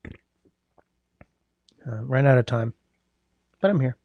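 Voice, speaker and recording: A man with a middle-pitched, gravelly voice hosts a relaxed livestream from home, greeting viewers one by one and humming as he scrolls through chat. His sinuses are congested, and the sound is dry and close. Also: extremely slow, dry recording, dull audio. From Canada. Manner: rambling, greets chatters by name, hums while scrolling. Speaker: livestream host. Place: indoors at home.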